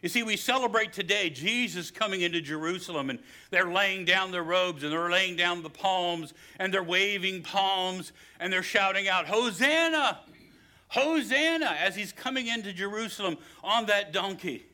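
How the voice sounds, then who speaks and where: An older man from West Virginia with a West Virginian accent, preaching a sermon that swings from hushed storytelling to loud, emphatic preaching. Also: sits high, moderate pace, hardly any pauses. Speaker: pastor.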